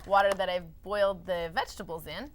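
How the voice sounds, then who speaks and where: A woman's voice: fairly low pitch, steady tone, fairly quick, noisy background. A woman who wrote a cookbook, chatting casually and rambling a little as she demonstrates a recipe on a TV show. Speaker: cookbook author guest.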